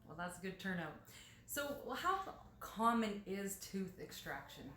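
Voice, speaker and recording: Woman interviewer, upbeat, mid pitch, roomy sound with soft music behind. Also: very animated, measured pace, a little hiss or hum. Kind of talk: friendly interview hosting. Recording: echoey room with faint music.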